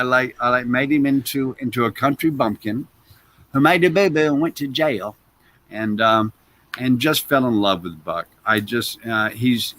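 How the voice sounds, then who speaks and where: A man who is an actor, telling stories as an interview guest in a loose, animated way that trails off into "blah, blah.". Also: mid-range voice, dry recording. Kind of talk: anecdotal interview storytelling.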